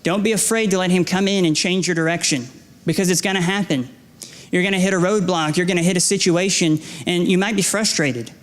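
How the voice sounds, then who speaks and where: Young guy preaching in church, pretty high voice, earnest, repeats himself a lot, stumbles on words. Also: fairly even intonation, brisk. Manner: earnest, exhorting, with repeated phrases and self-deprecating stories; restarts and stammers when emphasizing. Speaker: guest preacher. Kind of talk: sermon. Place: church sanctuary.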